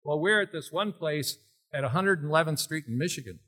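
A man's voice: fairly high pitch, animated, a little fast, pushed and bright. A middle-aged man preaching a storytelling sermon in a folksy way, quizzing his congregation as he goes. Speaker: pastor.

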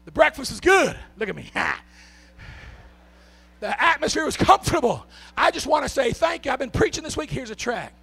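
A man preaching a sermon with a Southern US accent, swinging from shouted, half-sung peaks down to soft, low talk. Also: sing-song, normal speed, vocal fry.

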